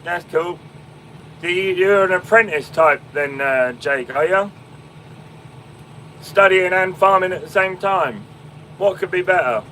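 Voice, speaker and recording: A man's voice: high-pitched, measured pace, long pauses, bright, forceful tone, slight background noise, rough recording. A young man with an English Fenland accent, chatting casually on a live stream from his tractor cab, with lots of ums and restarts. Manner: chatty, many ums and restarts, calls viewers mate and my man. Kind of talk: casual live stream chat, answering viewers. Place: inside a tractor cab in a field. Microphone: phone.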